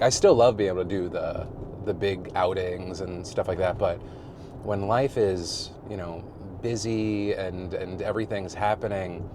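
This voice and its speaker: A fortyish man with a lowish voice chatting straight to camera from his parked car at the roadside. He rambles candidly, pokes fun at himself, laughs easily and swears without fuss, with a faint hum of traffic underneath. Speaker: vlogger. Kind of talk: casual personal vlog chat.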